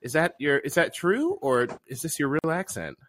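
A man's voice: on the high side, sing-song, normal speed, fairly bright tone, slight background noise. A man co-hosting a comedy podcast, playing the straight-faced interviewer with stammering questions.

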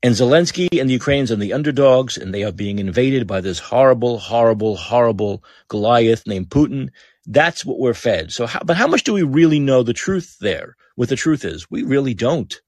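A male podcast host in full rant mode, blunt and profane, hammering his points by saying them twice. His pitch leaps around with lively swings, and his voice carries a slightly raspy edge. The sound is dry, with no room echo. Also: normal speed. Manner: heated, blunt, swears, repeats phrases for emphasis. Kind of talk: political commentary rant.

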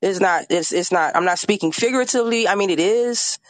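Impassioned podcast guest, artist-activist, furious and blunt, dry close mic, mid pitch. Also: fairly quick, no room sound. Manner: angry, emphatic, swears often.

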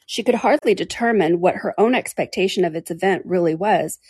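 Brief: woman audiobook narrator, breathy husky tone, dry close recording, measured delivery. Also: on the low side, darkish tone, no echo. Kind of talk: reading a classic novel aloud.

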